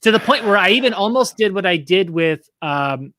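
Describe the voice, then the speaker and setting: A man hosting a casual trivia quiz, chatty and laughing, reading questions out slowly. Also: high voice, lively intonation, sharp tone, a little hiss or hum. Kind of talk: casual podcast chat.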